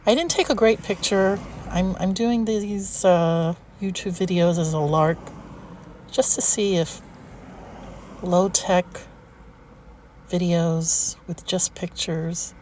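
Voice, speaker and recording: A woman's voice: lowish voice, fairly even intonation, slow pace, a little mellow, a little hiss or hum. A woman talking casually over a home recipe video, chatty and self-deprecating, with little asides. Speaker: home cook vlogger.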